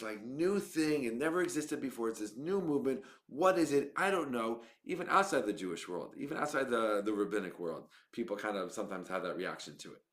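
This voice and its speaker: A man speaking as a rabbi in a teaching monologue, often restarting phrases and tagging lines with "right?" and "okay?". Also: lowish voice.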